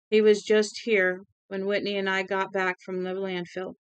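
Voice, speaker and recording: Woman reading as a blunt henchman, matter-of-fact, clear dry voice, audiobook. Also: high-pitched, fairly even intonation, a little slow, fairly bright tone, no echo.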